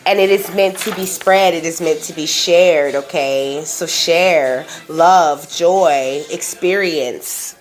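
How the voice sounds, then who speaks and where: A woman with a low, soft voice reads cards for her viewers in a gentle, spiritual tone. She talks to them directly and keeps checking in with little tag questions. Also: slow, few pauses, slight background noise. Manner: soft, repeats "okay?" and "you know what I mean?", laughs often. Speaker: spiritual card reader. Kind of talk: channeled card reading to viewers.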